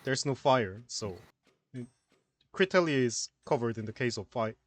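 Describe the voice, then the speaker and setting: A man co-hosting a puzzle stream, reading out notes and commenting in a halting, casual way. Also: mid-range voice, animated. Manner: halting, reads notes aloud slowly. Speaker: co-host of a puzzle showcase stream.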